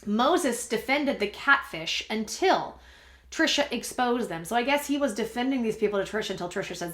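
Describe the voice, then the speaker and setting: A woman hosts a commentary channel video, chattily recapping online drama, reading and reacting with wry asides. Her voice is fairly high and fairly bright, animated at a normal speed, and the room sounds echoey.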